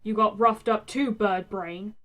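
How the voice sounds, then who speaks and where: A woman voicing a gruff, foul-mouthed young male fighter who snarls sarcastic insults. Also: high-pitched, steady tone, a little slow, sharp tone. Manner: snarling, sarcastic, swears constantly.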